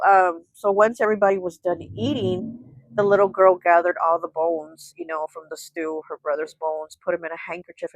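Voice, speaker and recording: A woman tells a story in a loose, chatty way and keeps dropping in "you know" and "like." Her voice is a little low, and it sounds close and dry, with no room echo. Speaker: tarot reader and channel host. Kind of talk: casual storytelling.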